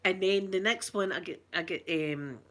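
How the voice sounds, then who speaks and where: Bright-voiced chatty Scottish woman. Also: on the low side, moderate pace. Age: middle-aged. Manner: chatty, rambling storyteller reading out viewer comments. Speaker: ASMR streamer. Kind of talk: casual live chat.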